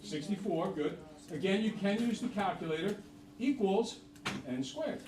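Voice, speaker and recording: Middle-aged man, math teacher, jokey classroom talk, high voice, recorded from across an echoey room. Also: expressive, moderate pace, over music. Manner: jokey, chatty, asks the class questions. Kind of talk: classroom lesson. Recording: roomy, from far off.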